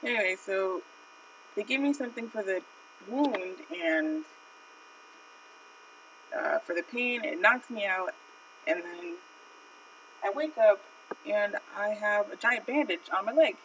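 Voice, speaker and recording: A woman's voice: mid-range voice, expressive, takes it slowly, long pauses, a bit bright, recorded from a distance, slight background noise, poor audio. A woman streaming while she draws, telling a personal story in a rambling, chatty way with lots of fillers. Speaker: art streamer. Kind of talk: casual live-stream storytelling.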